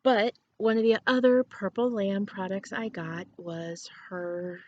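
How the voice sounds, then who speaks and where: A woman's voice: mid-range voice, fairly even intonation, a little slow, dull audio, slight background noise. A woman hosting a knitting podcast from home, chatting casually, rambling and laughing often. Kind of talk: casual chat to camera.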